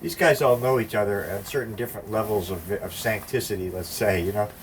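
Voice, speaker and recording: The older man's fairly low voice runs a little fast as he works through a digressive, profane anecdote in casual conversation, acting out what the others in it said. A distant mic leaves faint background noise audible.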